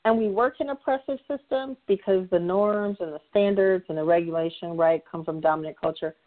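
A woman with a lowish voice talks a little fast, reaching listeners through a tinny, phone-style line. A nonprofit consultant and facilitator appearing as a guest, she steers a conversational discussion and keeps repeating key phrases to underline her points.

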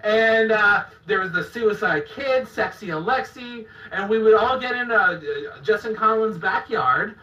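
A man's voice: sits high, measured pace, hardly any pauses. A man telling stories in casual podcast chat, laughing often and acting out what people said. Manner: laughing, animated storyteller who acts out quotes. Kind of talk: casual storytelling. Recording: roomy, distant, dull-sounding podcast audio.

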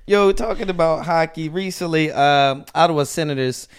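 A man co-hosting a comedic sports talk podcast, an animated storyteller who laughs through his own jokes. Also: a little high, moderate pace, background noise. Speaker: podcast co-host. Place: live recording event.

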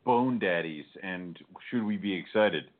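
Lower-voiced man joking on a tinny line. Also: a little slow. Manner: joking, laughs often. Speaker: co-host. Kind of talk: casual chat.

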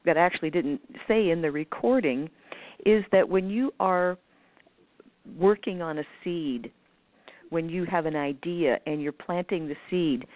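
A woman's voice: fairly low pitch, a little slow, no echo. A woman guest talking casually and at length, with many fillers and restarts, sometimes acting out other people's voices. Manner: acts out others' voices in quoted asides. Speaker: guest speaker on manifestation. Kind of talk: conversational explanation over a call. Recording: tinny phone line, dry.

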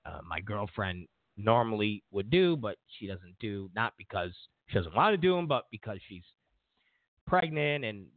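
A man's voice: lowish voice, very animated, normal speed, no room sound. A man hosting a political commentary show, rambling and digressive with a sarcastic edge. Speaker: show host. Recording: tinny phone-like dry recording.

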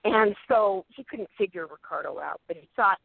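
A woman telling a story as a guest on talk radio, lively and acting out the people she quotes. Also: medium pitch, moderate pace, creaky, husky, dry recording. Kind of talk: animated anecdote on talk radio. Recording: tinny phone line, dry.

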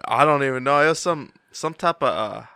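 Bright, profane podcast co-host man. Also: medium pitch, expressive, a little fast, clear, resonant tone, dry recording, studio quality. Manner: laid-back, profane banter. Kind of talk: casual chat.

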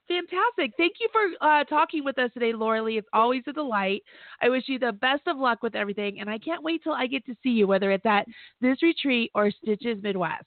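A cheerful woman runs a podcast chat, her voice sitting a little high and laughing often. The sound is dry and thin, like a phone line. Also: no echo. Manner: bubbly, laughs easily. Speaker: podcast host. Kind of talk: casual chat.

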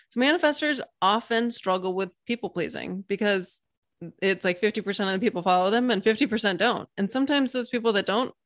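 A woman's voice: medium pitch, dry recording, clean studio sound. Enthusiastic woman coach explaining ideas. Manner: enthusiastic, vivid storytelling. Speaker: Human Design coach, guest. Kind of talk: explanatory interview talk.

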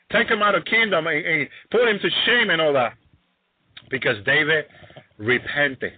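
A man's voice: a little high, no room sound. A man preaching a sermon, emphatic and repetitive, often exclaiming hallelujah. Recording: tinny phone-like sound.

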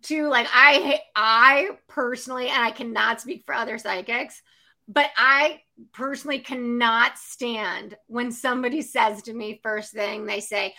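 A woman's voice: fairly high pitch, fairly even intonation, measured pace, gravelly, sharp tone. A woman who works as a psychic medium, talking casually, full of fillers and acting out the voices of the people she quotes. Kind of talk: casual chat.

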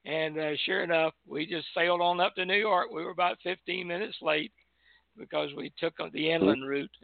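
An older man, a retired airline pilot, telling relaxed anecdotes on a call-in show and chuckling as he goes. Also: fairly high pitch, normal speed, gravelly, dry recording. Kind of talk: casual reminiscing on a call-in show. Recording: tinny phone line.

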